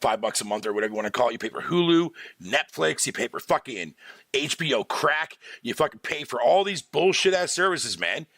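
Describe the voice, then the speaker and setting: A gravelly man with a bright edge rants on a livestream, his pitch swinging widely as he swears through his complaints. The sound is dry and close, with no room around it. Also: a little fast, no room sound. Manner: profane, animated ranting with frequent laughter. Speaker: streamer. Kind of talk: casual livestream rant.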